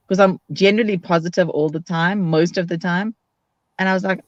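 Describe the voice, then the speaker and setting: A woman's voice: on the low side, fast talker, no echo. A woman hosting a casual live video chat, talking in a frank, upbeat way and acting out her own quotes. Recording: dull, dry lo-fi sound.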